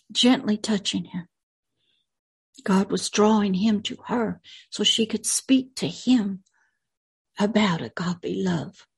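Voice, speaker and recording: A woman's voice: mid-range voice, gravelly, darkish tone, breathy edge. A woman hosting a religious video channel, retelling a film in an earnest, unscripted way with emphatic repetitions.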